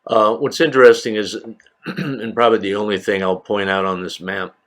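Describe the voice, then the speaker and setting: Deep-voiced older male lecturer, rambling. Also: fairly even intonation, moderate pace, fairly bright tone. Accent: slight New England. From New England. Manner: rambling, many fillers and restarts. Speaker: university lecturer. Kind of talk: recorded classroom lecture.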